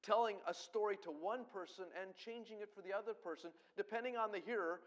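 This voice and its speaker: A middle-aged man from Colorado preaching a sermon as pastor, talking fast and swelling into loud emphatic bursts. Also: high-pitched.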